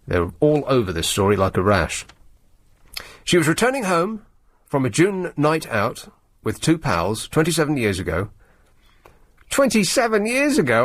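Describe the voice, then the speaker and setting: A male radio host in a studio, reading a newspaper story aloud with sarcastic, wry asides. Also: mid-range voice. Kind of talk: late-night radio talk, reading the paper aloud. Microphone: studio microphone.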